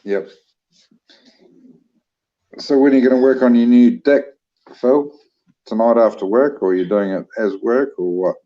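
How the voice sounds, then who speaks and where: A man's voice: medium pitch, normal speed, long pauses, lo-fi sound. A man with a New Zealand accent, chatting casually on a livestream, joking easily and answering chat comments. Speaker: livestream co-host reading chat.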